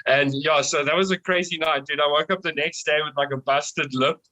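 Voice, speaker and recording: A young man from South Africa tells a rowdy tour story as a podcast guest, laughing and swearing along the way. His voice sits a little high and sounds bright and forceful. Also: brisk, poor audio. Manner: excitable, swears a lot, laughs often. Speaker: band vocalist, guest. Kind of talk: casual storytelling.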